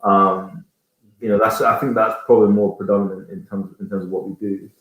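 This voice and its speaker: A man's voice: lowish voice, little pitch movement, brisk, fairly bright tone. A man in his thirties from Jamaica, a band singer chatting casually as a guest and rambling as he searches for words. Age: 30s. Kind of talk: casual interview chat. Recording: very echoey room.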